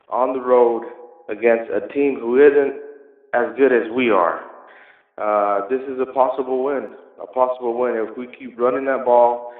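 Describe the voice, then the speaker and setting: A man from Southern California calls in with a mid-pitched voice, sounding hopeful but grumbling. The line is tinny and phone-like, set in a roomy echo with a long reverb. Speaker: caller.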